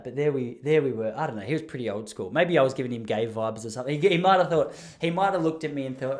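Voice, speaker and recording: A man's voice: medium pitch, expressive, brisk, darkish tone. A young man from Gippsland with an Australian accent, hosting a podcast and telling rambling, self-mocking stories. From Traralgon, Gippsland, Australia. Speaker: podcast host. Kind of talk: casual storytelling.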